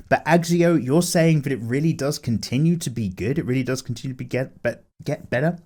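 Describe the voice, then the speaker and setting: A man casually chatting with viewers while drawing, animated, with lots of fillers as he reads chat aloud. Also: mid-range voice, fairly quick, hardly any pauses. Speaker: art streamer chatting with viewers.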